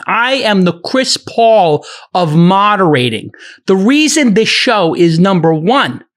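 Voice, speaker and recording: A middle-aged man moderating a podcast, ranting heatedly in a profane, animated argument. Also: high-pitched.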